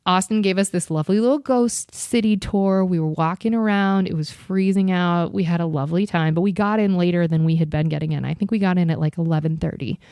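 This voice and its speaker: A young woman hosts her podcast in a loose, chatty storytelling mode, candid and quick to swear. Her voice sits low and mellow. The sound is dry and close, with no room around it. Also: clear, resonant tone, no room sound. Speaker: podcast host. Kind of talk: casual storytelling.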